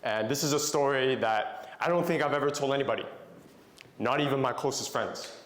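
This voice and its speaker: A motivational Christian speaker, a young adult man, tells stories and puts questions to a group of young men in a conversational talk. His mid-range voice is brisk with a fairly bright tone, recorded in an echoey room.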